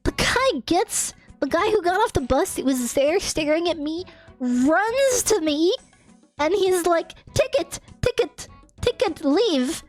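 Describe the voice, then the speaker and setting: A young woman streamer telling a story in an animated rant, giggling, exasperated and swearing casually. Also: very high voice, unhurried. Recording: faint music behind.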